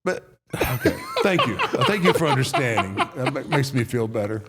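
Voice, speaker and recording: A man's voice: mid-range voice, big pitch swings. An older man hosting a podcast, stumbling through restarts and chuckling in casual chat. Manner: halting, stammering restarts with chuckles. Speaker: podcast host. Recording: loud background noise.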